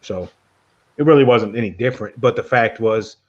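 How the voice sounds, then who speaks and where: A man's voice: medium pitch, normal speed, darkish tone, muffled recording. A man from the Detroit area hosting a casual podcast chat, telling stories with lots of laughter and swearing. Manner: storytelling, laughs often, swears freely. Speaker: podcast host.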